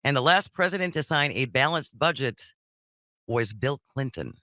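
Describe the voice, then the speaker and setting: Bright lively woman on a call-in radio show, dry close mic, animated. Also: rumbling low, dry recording. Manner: lively, quick to laugh, opinionated.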